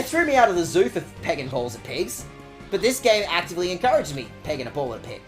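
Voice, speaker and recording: Lively man streaming a game. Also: high-pitched, quick pace, faint music behind. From Australia. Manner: playful, rambling, swears freely. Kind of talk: casual game-stream commentary.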